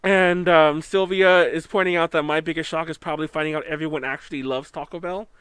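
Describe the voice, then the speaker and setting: A man's voice: a little high, fairly even intonation, a little fast, a bit bright, clear, resonant tone, dry recording. A man with a Californian accent hosting a live podcast, chatting casually and rambling with many fillers and restarts. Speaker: podcast host. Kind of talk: casual chat.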